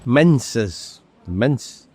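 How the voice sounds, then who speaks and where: A middle-aged author reading from his novel and chatting as a guest, wry and quick to correct himself, recorded outdoors by a street. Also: medium pitch, lively intonation, darkish tone, breathy edge. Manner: dry, wry and self-correcting. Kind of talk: reading aloud from a novel, then casual conversation.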